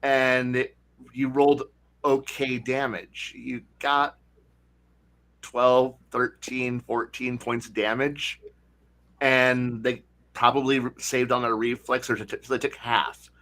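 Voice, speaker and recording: A man hosting a casual podcast chat about tabletop games, talking animatedly and slipping into quick voices for players. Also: medium pitch, little pitch movement, fairly bright tone. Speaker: podcast host.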